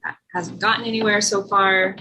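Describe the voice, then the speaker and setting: A woman's voice: medium pitch, steady tone, moderate pace, bright, forceful tone, a little hiss or hum, low-quality recording. A woman talking hesitantly in casual chat, with frequent fillers.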